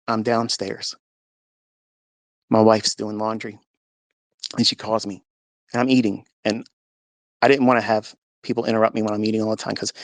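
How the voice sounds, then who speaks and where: A man with a fairly low, creaky voice shares an emotional personal testimony, telling it earnestly like a story and acting out the dialogue. The recording is dry, with no echo.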